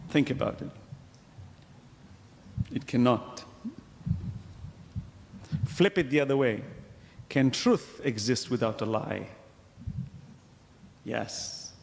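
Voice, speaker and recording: A man giving a religious lecture to a congregation, asking rhetorical questions and pausing for emphasis. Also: mid-range voice, vocal fry, big-room sound. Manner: animated, wide-ranging delivery. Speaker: Islamic lecturer.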